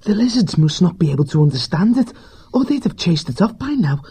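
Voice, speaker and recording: Man voicing a young mouse fighter; quiet, resolute, husky. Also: high-pitched, a little fast, voice pushed up, heavily acted. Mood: urgent. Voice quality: hushed, steady. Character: young male mouse warrior, determined.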